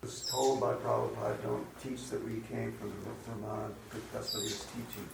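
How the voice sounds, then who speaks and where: A man attending a spiritual class, asking a question haltingly. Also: mid-range voice, fairly even intonation, gravelly. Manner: halting, searching for words. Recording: distant, roomy, noisy.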